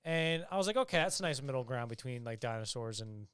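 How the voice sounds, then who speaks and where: A man's voice: medium pitch, lively intonation, quick pace, fairly bright tone, clean tone, no room sound, studio quality. A young man co-hosting a podcast, chatting casually and animatedly, swearing and acting out scenes. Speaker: podcast co-host. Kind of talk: casual chat.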